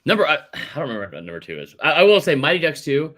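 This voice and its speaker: A man's voice: on the high side, big pitch swings, very fast, a bit bright. A man hosting a casual sports podcast, ranting animatedly and swearing freely. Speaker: podcast host.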